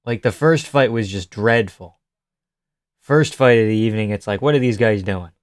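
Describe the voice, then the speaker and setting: A man's voice: lowish voice, moderate pace, no echo, studio quality. A man casually reacting to fights on a live stream, chatting loosely with his viewers and swearing freely. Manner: loose, profane, chatty, greets chat by name.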